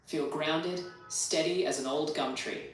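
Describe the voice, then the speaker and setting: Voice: mid-range voice, steady tone, a little slow, faint music behind. An AI voice assistant with an Australian accent, chatting in upbeat, slang-filled talk and leading a guided meditation. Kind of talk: casual chat and guided meditation. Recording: roomy playback heard from a distance.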